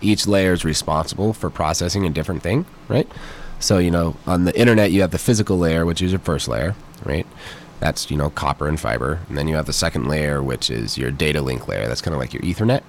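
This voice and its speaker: A man's voice: extremely low pitch, fairly quick, hardly any pauses, slight background noise. A man with a stuffy nose, a developer being interviewed, explaining technical things eagerly with many fillers. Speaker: guest, software developer. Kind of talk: casual interview chat.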